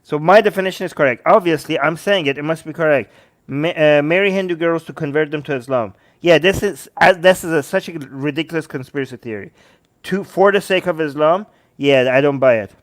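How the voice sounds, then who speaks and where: A man hosting a livestream, reacting to videos with sarcastic, animated commentary and talking to his chat. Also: a little high, a little fast. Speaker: livestream host.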